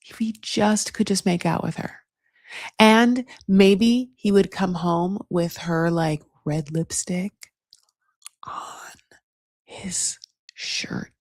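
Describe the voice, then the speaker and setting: A woman hosting a casual reality-show recap, gossipy and animated, acting out what the cast says. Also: on the low side, takes it slowly, no room sound, clean studio sound. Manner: gossipy, animated, acts out the cast's lines.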